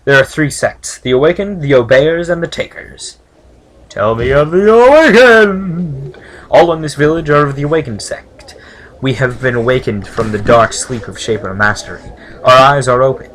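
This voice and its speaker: A man's voice: medium pitch, lively intonation, moderate pace, fairly bright tone, voice pushed up. A man reading as a proud village leader. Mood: solemn. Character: proud, wary male servile village leader.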